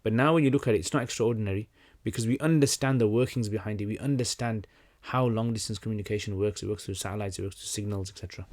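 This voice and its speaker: A young man chats through a livestream Q&A at an easygoing pace, his voice sitting a little low. He often stops to restart a thought and fills the gaps with ums and uhs. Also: fast, hardly any pauses. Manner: relaxed, conversational, many fillers and restarts. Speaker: livestream host answering questions. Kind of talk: casual livestream Q&A.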